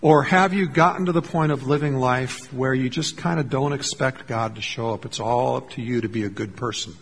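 A man preaching a sermon as pastor, telling a story earnestly and slowing down to stress key lines. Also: medium pitch, vocal fry, slightly rough, big-room sound. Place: church sanctuary.

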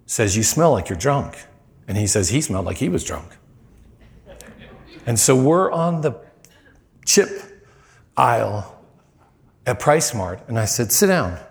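A man's voice: medium pitch, gravelly. A middle-aged man preaching a storytelling sermon in a conversational way, acting out the voices in his story.

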